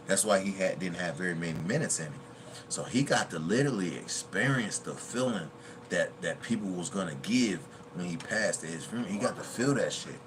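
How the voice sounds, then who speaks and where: A man's voice: deep voice, fairly bright tone, a little hiss or hum. A man hosting a reaction video in a chatty, casual way, laughing often and quoting movie lines.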